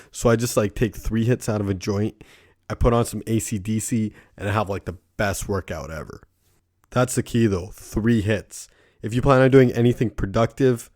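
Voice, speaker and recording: A young man hosts his podcast alone, his low, deep-set, darkish voice recorded close and dry with no room sound. In this casual solo monologue he rambles loosely, swears constantly and leans on "like" and "right?", often laughing at his own stories.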